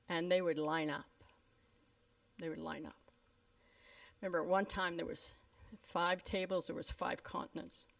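A woman's voice: on the low side, creaky. A woman pastor, telling stories in a sermon and acting out the voices of the people in them. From Canada. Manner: lively storyteller who voices the people in her stories. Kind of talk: storytelling sermon. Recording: voice a bit distant from the mic.

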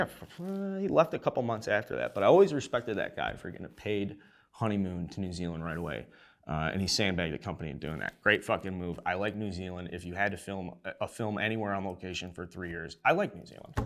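A man's voice: low-pitched, quick pace, slight background noise. A young man hosting a sports show, ranting in a rowdy, rambling, comedic way and swearing freely. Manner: profane, excitable, rambling. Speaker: show host.

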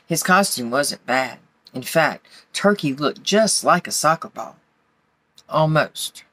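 A woman gently reading a children's picture book aloud to young listeners. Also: deep voice, lively intonation, slow, no room sound. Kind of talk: storybook read-aloud.

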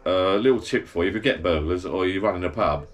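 Deep-voiced bloke rambling. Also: male voice, fast talker. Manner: chatty, meandering, blokey storytelling with self-corrections. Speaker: vlogger. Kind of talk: rambling anecdotal monologue to camera. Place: backyard garden bar shed.

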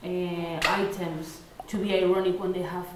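A woman's voice: fairly low pitch, flat delivery, a little slow. A woman in the audience asking a careful clarifying question in an academic discussion. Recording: very echoey, distant, faint hiss.

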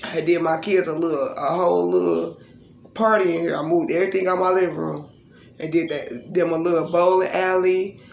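A woman's voice: fairly low pitch, fairly even intonation, fairly quick, creaky, a little mellow, slight background noise. A woman vlogging casually and breaking into profane, boastful freestyle raps, recorded in her living room. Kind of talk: casual vlog talk with freestyle rapping. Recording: roomy echo in a home.

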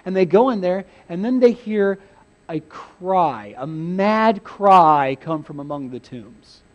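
A male pastor giving a sermon, telling a Bible story in a lively, humorous way. He laughs often and acts out scenes with sudden shouts. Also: sits high, takes it slowly, dull audio.

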